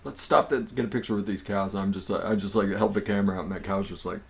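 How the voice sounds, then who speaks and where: A man hosting a casual livestream, with a voice that sits on the low side. He chats loosely and rambles, restarting phrases and repeating himself. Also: steady tone, fast, creaky. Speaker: livestream host. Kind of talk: casual chat.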